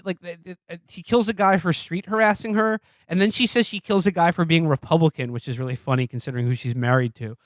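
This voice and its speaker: A man's voice: high-pitched, dry recording. A man co-hosting a podcast, rambling and sardonic as he reviews a film in casual, profane chat. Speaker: podcast co-host.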